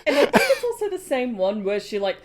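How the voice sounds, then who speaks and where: A woman's voice: mid-range voice, sing-song, fast, very noisy. Wry, sweary woman podcaster. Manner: wry, swears, playful comebacks. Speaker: podcast co-host. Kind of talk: casual banter.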